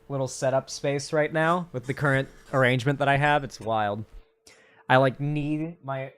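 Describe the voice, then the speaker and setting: A young man streaming casual political commentary, rambling and crude, from a cramped home setup. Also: medium pitch.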